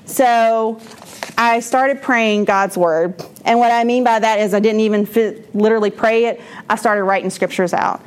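Candid woman with a higher voice. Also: steady tone, moderate pace, clear, resonant tone. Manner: candid and rambling, with frequent restarts and laughter. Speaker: speaker at a church moms' class. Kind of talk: personal testimony talk.

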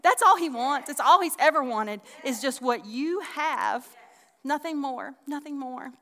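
A woman's voice: sits high, animated, a little slow, bright, forceful tone. Chatty woman preaching in a reverberant hall. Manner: folksy, chatty, with many restarts and asides. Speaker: Bible teacher. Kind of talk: conversational sermon.

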